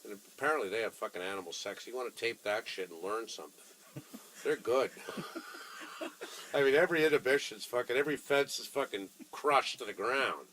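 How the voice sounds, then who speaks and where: A middle-aged man, a shop owner, telling a story in a candid, casual way, animated and profane. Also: medium pitch, moderate pace, slight background noise, poor audio. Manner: animated, profane, acts out both sides of dialogue.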